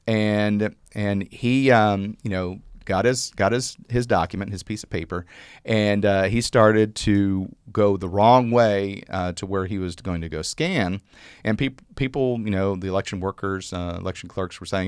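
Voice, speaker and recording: Low smooth-voiced man telling stories. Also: dry recording, clean studio sound. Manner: rambling, halting with many restarts and fillers. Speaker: poll watcher recounting experiences. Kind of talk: casual storytelling chat.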